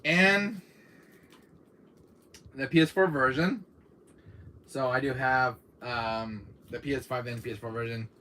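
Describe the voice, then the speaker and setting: A man hosting a casual gaming stream, rambling along with lots of fillers and laughs. His voice has a bright, sharp edge, and a faint hiss sits under it. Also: mid-range voice, steady tone, unhurried, long pauses. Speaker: gaming channel host.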